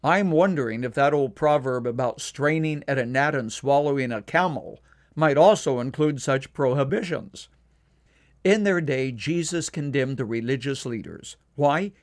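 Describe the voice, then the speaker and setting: A man delivering a scripted devotional radio commentary in a measured, earnest way, slowing down to stress key points. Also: mid-range voice, expressive. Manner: measured, earnest, slows down for emphasis.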